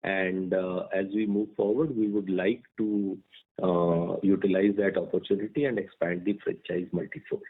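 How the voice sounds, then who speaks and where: Male executive, slow and hesitant on a conference call, phone-line sound. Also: deep voice, fairly even intonation. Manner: hesitant, many fillers. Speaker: company executive on earnings call.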